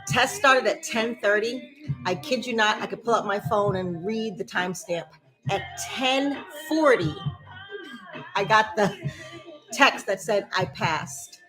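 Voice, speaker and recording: A woman's voice: mid-range voice, slow, poor audio. A woman, chatting animatedly with her dance fitness class and telling stories. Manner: chatty, animated storytelling with whoops and laughs. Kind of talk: casual chat to a live class. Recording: music playing behind.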